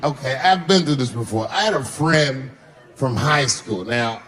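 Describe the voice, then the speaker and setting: A man doing stand-up comedy, telling a long profane story in a conversational way, swinging his pitch up for emphasis. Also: measured pace, fairly bright tone.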